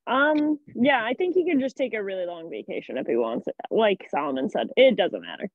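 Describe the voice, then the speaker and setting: Lively woman guest on a dull mic. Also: a little high, a little fast. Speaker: podcast guest. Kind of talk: casual chat.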